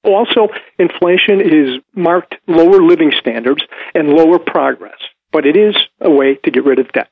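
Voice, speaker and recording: Guy ranting about the economy over a tinny phone line, kinda husky, pretty high voice. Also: moderate pace, no room sound. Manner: emphatic, mocking voices of opponents. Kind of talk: opinionated economic commentary.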